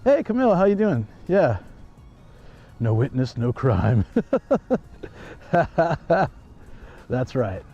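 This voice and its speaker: A man's voice: medium pitch, big pitch swings, takes it slowly, long pauses, warm tone, lo-fi sound, faint music behind. A man telling a rambling story on a live stream while he walks through a park, chuckling often. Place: outdoors in a park.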